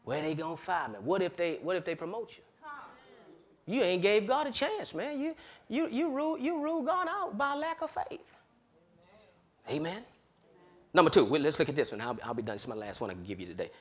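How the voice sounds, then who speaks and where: A man preaching a sermon, swinging between loud hollering and low murmurs and laughing often. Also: expressive, moderate pace, long pauses.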